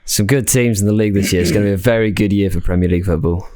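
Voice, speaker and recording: A man's voice: lowish voice, racing, warm tone, no echo. A man co-hosting a podcast, blunt and emphatic, often repeating himself in casual chat. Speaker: podcast co-host.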